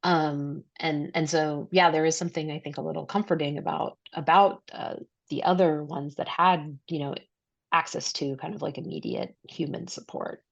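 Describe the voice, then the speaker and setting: A woman's voice: deep voice, fairly even intonation, vocal fry, no room sound. A woman co-hosting a casual podcast chat, talking in rambling stretches with fillers and restarts. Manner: rambling, many fillers and restarts, quick bursts. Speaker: podcast co-host. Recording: dry, slightly dull lo-fi mic.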